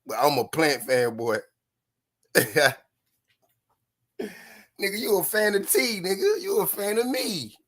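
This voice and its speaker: Man, stream host, fairly high voice, mocks chatters, laughs a lot. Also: very animated, slow, pauses often, a bit bright. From Memphis, Tennessee, US. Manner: taunting, mocking, laughs often, repeats lines. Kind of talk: live-stream banter with chat.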